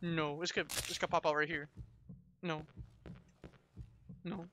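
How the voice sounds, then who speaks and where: A man's voice: a little high, moderate pace. A young man hosting a horror game playthrough, jumpy and emotive as he talks while he plays, on a home setup late at night. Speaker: gaming video host. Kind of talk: horror let's play commentary. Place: home room, gaming at night. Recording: dull lo-fi mic with steady noise.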